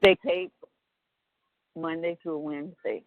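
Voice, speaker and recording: A middle-aged woman talks slowly and haltingly, restarting her sentences. Her low voice has a gravelly rasp, heard dry through a tinny phone line. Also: fairly even intonation, no room sound. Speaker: relative on a prison call. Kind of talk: casual phone chat.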